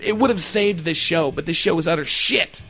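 A man's voice: on the high side, moderate pace, pushed and bright, faint music behind. A man hosting a comedy show, ranting in a crude, rambling way and swearing constantly. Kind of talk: profane comedic rant.

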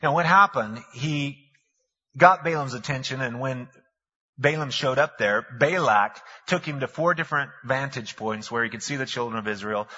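A man's voice: medium pitch, moderate pace, pushed and bright, slightly rough. A man preaching a sermon, a pastor who tells the story in a folksy way with slang asides, recorded with long hall reverb and a dull, lo-fi sound.

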